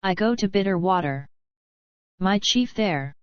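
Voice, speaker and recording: A woman's voice: mid-range voice, animated, measured pace, smooth, no echo, lo-fi sound, lightly acted. A woman voicing a tough young male fugitive who speaks in terse, simple words.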